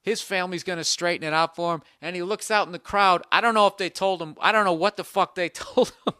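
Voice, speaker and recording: Bright-voiced man ranting on a podcast. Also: high voice, fast talker, smooth, dry recording, clean studio sound. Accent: Boston. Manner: profane, animated storytelling with mocking voices. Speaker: podcast host. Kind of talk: comedic monologue. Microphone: studio podcast mic.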